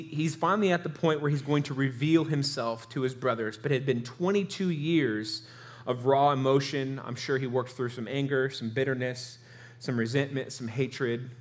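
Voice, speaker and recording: A man preaching a sermon, retelling a scripture story and acting out the characters' pleading lines. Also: mid-range voice. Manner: storytelling, acts out quoted lines with rising emotion. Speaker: pastor.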